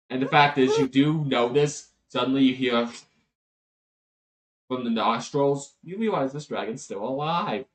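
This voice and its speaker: Man, game master, tabletop game narration, relaxed, chatty. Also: mid-range voice, unhurried, rough recording.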